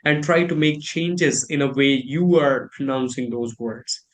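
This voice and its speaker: A man from India with an Indian English accent, co-hosting a relaxed, thoughtful conversation about English pronunciation and repeating words to show how they sound. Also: medium pitch, a little slow.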